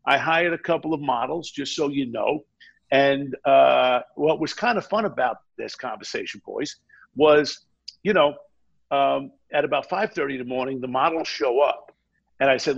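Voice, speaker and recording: A man telling an animated anecdote as an interview guest, acting out the dialogue he quotes. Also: mid-range voice, normal speed, vocal fry, highs cut off. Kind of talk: casual storytelling.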